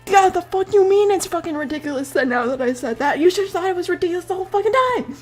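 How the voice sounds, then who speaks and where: Woman playing a furious, swearing biker man, high and heated. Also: normal speed, soft background music, close to an everyday voice. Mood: outraged. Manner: indignant swearing outbursts. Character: angry, cursing man from a biker gang.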